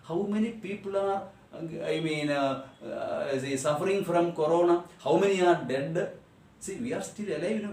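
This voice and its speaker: Indian english teacher guy, kinda high voice, repeats everything, echoey room, far from the mic. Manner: emphatic, repeats and rephrases lines, rhetorical questions to students. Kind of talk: classroom lesson explaining a text.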